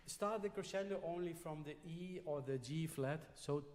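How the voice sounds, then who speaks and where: Male masterclass teacher with a slightly high voice; patient, encouraging, recorded with long hall reverb. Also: moderate pace, a little mellow, a little hiss or hum. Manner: patient, frequently checks in with "yeah?". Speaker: trumpet teacher. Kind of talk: masterclass coaching.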